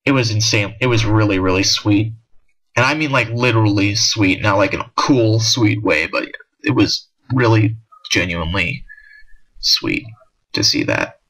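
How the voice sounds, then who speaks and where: A man's voice: fairly low pitch, moderate pace, fairly bright tone, poor audio. A man giving a casual, rambling spoken review of a comic chapter, with frequent restarts and filler words. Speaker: manga discussion vlogger.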